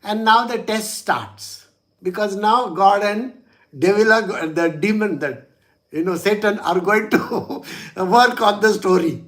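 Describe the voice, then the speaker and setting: Chuckling spiritual teacher. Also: male voice, high-pitched, fairly bright tone. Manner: chatty, chuckles often, many "you know" asides. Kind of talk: storytelling religious discourse.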